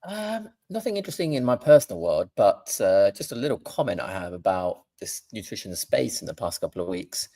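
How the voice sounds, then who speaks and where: A man with a fairly low voice guests as a doctor on a live online chat. He speaks in an earnest, measured way. The sound is dry and close. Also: big pitch swings, dark tone, no echo.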